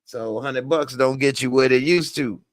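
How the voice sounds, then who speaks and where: Brief: animated male reviewer, casual reaction talk, dry close sound. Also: mid-range voice, no echo. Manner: animated, slangy, laughs often. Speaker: TV show reviewer.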